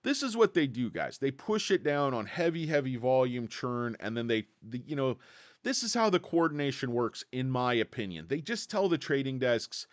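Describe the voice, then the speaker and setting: A man's voice: medium pitch, big pitch swings, moderate pace, no room sound. A man hosting a casual stock livestream, sarcastic, crude and rambling, a bit out of breath. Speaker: stock market livestream host.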